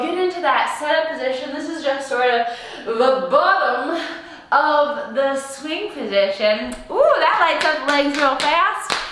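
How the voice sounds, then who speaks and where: Brief: upbeat woman trainer, high bright voice, unhurried, lightly echoey home room. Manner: bubbly, playful, sing-song greetings. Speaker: fitness instructor. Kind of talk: live workout class instruction. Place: home workout space.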